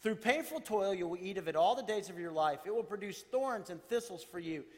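A man preaching a sermon to a congregation, conversational and animated, with playful asides. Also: high voice, brisk, big-room sound. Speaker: pastor.

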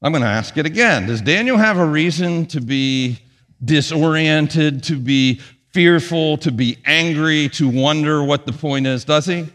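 A man preaching a sermon as pastor, with punchy emphasis that drops to quiet asides. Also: on the high side, measured pace, in a large hall. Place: church sanctuary.

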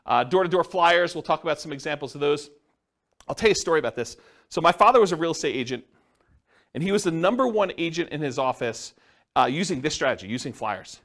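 A man's voice: a little high, animated, quick pace, a bit bright. A middle-aged man giving a casual, rambling classroom lecture on real estate investing to a live audience. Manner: casual, rambling, self-described introvert. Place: meeting room with a live audience.

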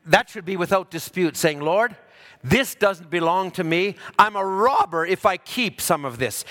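High, bright-voiced preacher in a reverberant hall. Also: male voice. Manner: animated preaching, drops low for asides and rises loud for emphasis. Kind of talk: sermon.

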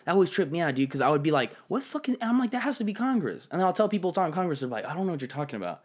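Young male podcast host, higher-pitched, lively and profane in loose banter. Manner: animated, swearing, quick to mimic others. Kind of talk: casual chat.

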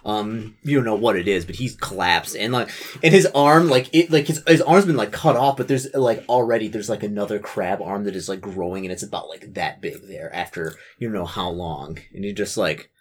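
A man's voice: lowish voice, brisk. A man narrating a tabletop game as game master, rambling, with many fillers. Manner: rambling, filler-heavy, animated storytelling.

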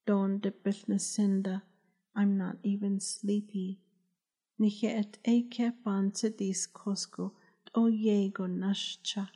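A woman reading the lines of a grief-stricken young mother, hoarse from crying and speaking in a loud whisper. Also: medium pitch, level tone, slow pace. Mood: grieving.

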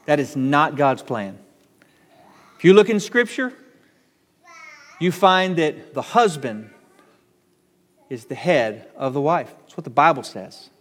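A man's voice: a little high, animated, takes it slowly, long pauses, in a large hall. A male pastor preaching a sermon in an emphatic, conversational way.

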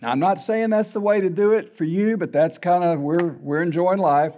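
An older pastor preaches in a high, bright-pitched voice. He talks in a folksy, candid, humorous storytelling way. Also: fairly even intonation, moderate pace, lo-fi sound. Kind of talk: sermon.

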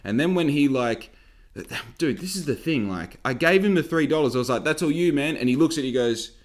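A man's voice: mid-range voice, animated, brisk. A man telling a story as a heated, exasperated rant full of swearing.

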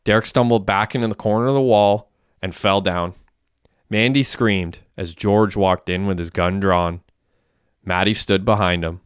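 A man reading a crime story aloud in a plain, steady way. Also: fairly low pitch, normal speed, smooth, no room sound, clean studio sound. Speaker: narrator. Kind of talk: audiobook narration.

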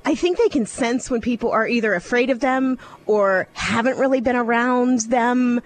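Woman on morning radio, kinda high voice, keeps laughing and cutting herself off, studio mic. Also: moderate pace, a little hiss or hum. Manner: chatty, laughs often, self-interrupting. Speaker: radio morning show co-host. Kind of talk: casual on-air chat.

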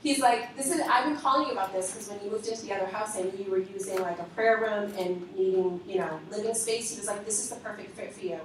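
A woman leader giving a lively spoken testimony to a congregation, acting out the conversations she recounts. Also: mid-range voice, fast, few pauses, crowd noise. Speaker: ministry leader. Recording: echoey hall from far off.

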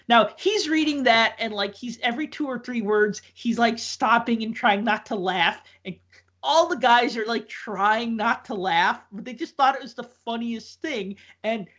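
A man's voice: very high-pitched, expressive, moderate pace, a bit bright. A man telling a long casual story, full of likes, ums and restarts. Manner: rambling, filler-heavy with many likes and ums.

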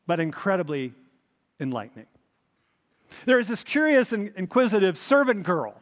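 A man preaches a sermon, telling the story with lively, dramatic emphasis. His voice sits high and swings widely in pitch. It rings out with the long reverb of a large hall. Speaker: pastor.

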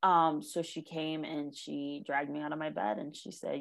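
A young woman with a slightly low voice tells her own hard story in an interview. She speaks earnestly and haltingly, often pausing on "um" and "like." She sounds close to tears. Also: fairly even intonation, vocal fry, bright, forceful tone. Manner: earnest, halting, with many ums and likes. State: emotional, near tears. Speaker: guest sharing her life story. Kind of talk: emotional personal testimony.

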